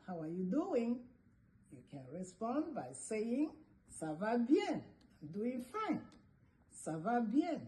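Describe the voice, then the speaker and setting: A woman who is a French teacher giving a greetings lesson, repeating phrases slowly for learners and sometimes singing short lines. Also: fairly high pitch, mellow, low-quality recording.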